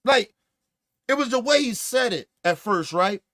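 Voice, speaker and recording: A man hosting a podcast, telling stories in casual, profane, animated commentary and acting out what others said. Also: extremely high pitch, unhurried, no echo, studio quality. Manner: profane, animated storytelling with acted-out quotes. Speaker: podcast host.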